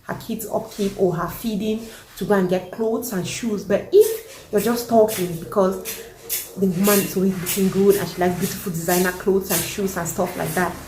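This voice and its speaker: Animated woman vlogging, echoey room. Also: medium pitch, normal speed, a little hiss or hum. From Cameroon. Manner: animated, opinionated, emphatic. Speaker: vlogger reacting to a video. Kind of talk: casual reaction vlog.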